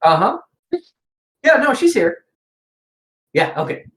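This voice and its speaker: A woman voicing a hesitant, formal male hotel clerk who talks haltingly with many ums. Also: a little high, sing-song, fairly bright tone, roomy sound, pitched above the performer's own voice, heavily acted, rough recording.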